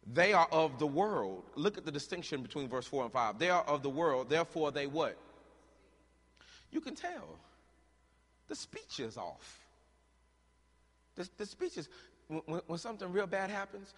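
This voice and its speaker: Man, preacher, higher-pitched, rhetorical call-and-response, loud then quiet, church sermon. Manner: asks rhetorical questions and leaves the answer to the congregation; swings between loud, shouted stretches and low, quiet talk. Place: church hall. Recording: long hall reverb.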